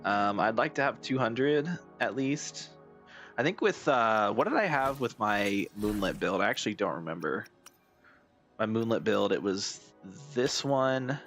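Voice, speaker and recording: This streamer's voice is lowish, rough, and hoarse as he casually talks through his game. His commentary wanders while he thinks aloud, with frequent swearing.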